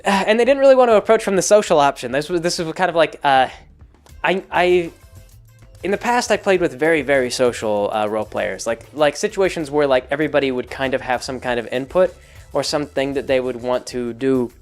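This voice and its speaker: A fairly high-voiced man recaps a tabletop game session in loose, casual chat. His voice is smooth and clear, and faint music plays underneath. He rambles along with many fillers and restarts, amused by his own story. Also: animated, brisk. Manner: amused, laughs along as he tells it. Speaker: game master and host.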